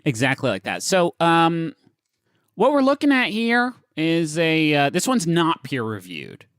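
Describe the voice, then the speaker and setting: Animated man hosting a comedy podcast. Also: a little slow, dry recording, clean studio sound. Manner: animated, jokey, swings between high and low pitch while reading aloud. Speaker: podcast co-host reading an advice article. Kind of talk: casual comedic podcast banter.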